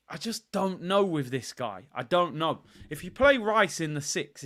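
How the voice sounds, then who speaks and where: Brief: male football vlogger, casual and opinionated, bright and tense, slightly high. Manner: chatty, opinionated, slangy, addresses viewers. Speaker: football channel host. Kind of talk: casual football vlog talk.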